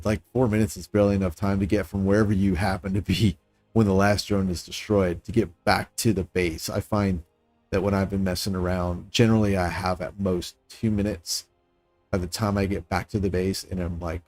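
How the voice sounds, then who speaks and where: Soft music plays behind a man whose low, darkish voice holds a steady tone and moves a bit quickly, recorded with no echo. He narrates casually while building in a game on stream, musing, judging his designs harshly and speaking to chat now and then.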